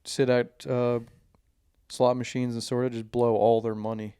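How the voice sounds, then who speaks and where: A man's voice: mid-range voice, level tone, moderate pace, mellow, smooth, no room sound, clean studio sound. A young man hosting a podcast, talking in a laid-back, casual way and swearing freely. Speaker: podcast host. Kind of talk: casual chat.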